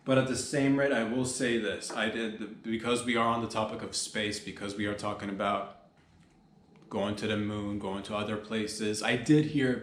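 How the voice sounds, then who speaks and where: A man's voice: on the low side, fairly even intonation, normal speed, reverberant, slight background noise. A man hosting a comedy podcast, riffing in a loose, profane monologue full of slang and mock-panicked outbursts.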